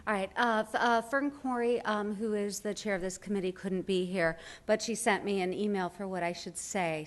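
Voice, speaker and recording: A woman's voice: medium pitch, fairly even intonation, normal speed, hardly any pauses. A woman presenting an award at a banquet, reading a prepared citation with brief asides. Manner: formal reading with light asides and fillers. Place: banquet hall.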